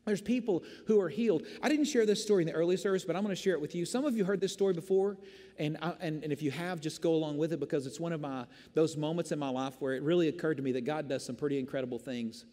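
A male pastor telling a story from the pulpit with self-deprecating humor. His voice sits fairly high and he often restarts and repeats words. Long reverb from the church hall trails behind him. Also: fast, mellow. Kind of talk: storytelling sermon.

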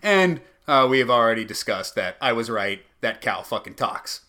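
A man's voice: mid-range voice, very animated, normal speed, sharp tone. A man co-hosting a podcast, trading playful, argumentative banter about movies and laughing often. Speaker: podcast co-host. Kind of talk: casual movie-ranking banter.

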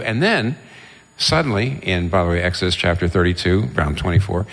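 A man preaches a sermon in a low voice, retelling Bible stories with animated energy. He briefly acts out what each character says. His words ring out with the long reverb of a large hall. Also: brisk. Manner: animated storytelling, voices the biblical figures.

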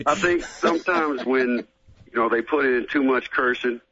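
A man's voice: mid-range voice, normal speed, background noise. A middle-aged man and former football player, a guest in a casual radio interview, talking in a laid-back drawl and saying "man" a lot. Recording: dull lo-fi radio audio.

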